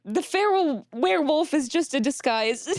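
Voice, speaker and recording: Teary high-voiced woman streamer. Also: expressive, a little slow, dry recording, clean studio sound. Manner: soft, thankful, breaking into nervous laughs. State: teary, on the verge of crying. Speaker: streamer reading chat. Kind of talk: casual live-stream chat.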